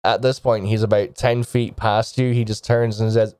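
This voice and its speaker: A man narrating a tabletop game as game master, in a halting way with frequent restarts. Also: lowish voice, level tone, darkish tone, clear, resonant tone, no room sound, clean studio sound. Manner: halting, with many restarts and laughs.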